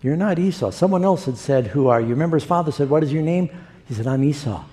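A man's voice: medium pitch, expressive, fast talker, warm tone. A middle-aged man preaching a sermon, telling the story vividly and acting out the quoted voices.

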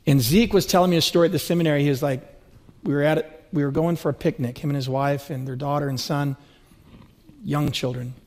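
A man's voice: on the high side, fairly even intonation, fairly quick, darkish tone. A middle-aged man preaching a sermon, telling stories with rising, swelling emphasis. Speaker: pastor.

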